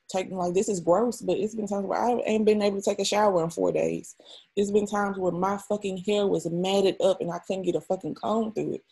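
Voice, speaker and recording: A woman's voice: medium pitch, vocal fry, warm tone, husky. A young adult woman, an interview guest, telling a personal story in a raw, emotional and frank way, often swearing.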